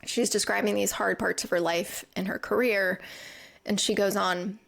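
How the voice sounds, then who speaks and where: Woman podcaster with a creaky voice. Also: medium pitch, fairly even intonation, normal speed, fairly bright tone. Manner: earnest, reflective storytelling. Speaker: podcast host. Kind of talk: scripted recap narration. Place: lives in England.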